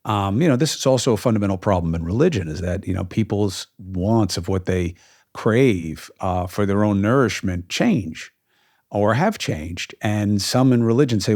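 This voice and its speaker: A man's voice: on the low side, expressive, moderate pace, a little mellow. A man hosting a podcast, talking emphatically about his views, with many ums and uhs. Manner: emphatic, frequent fillers. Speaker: podcast host. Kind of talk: opinionated casual talk.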